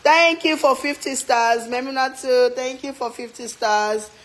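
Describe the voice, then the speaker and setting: A woman's voice: high voice, a little slow, low-quality recording. A woman hosting a cooking live stream from a home kitchen, chatting with viewers as she reads their comments and teases them while she cooks. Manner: animated, teasing, exclaims often. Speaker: cooking vlog host.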